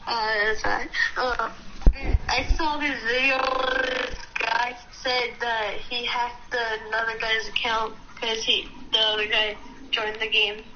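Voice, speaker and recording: A woman's voice: on the high side, level tone, slow pace, dull audio, noisy background. A woman chatting casually, giving short offhand replies. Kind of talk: casual chat on a call.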